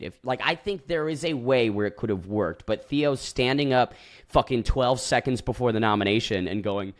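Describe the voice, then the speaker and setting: Male podcast co-host, casual recap talk, acts out quotes, mid pitch. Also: moderate pace. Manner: animated storytelling, acts out quotes, swears.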